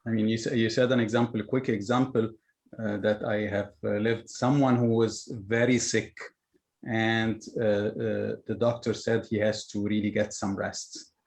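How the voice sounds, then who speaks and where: A man sharing an example on a webinar, hesitant with many pauses and restarts. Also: lowish voice, flat delivery, a little mellow. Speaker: webinar participant. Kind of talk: casual sharing on a video call.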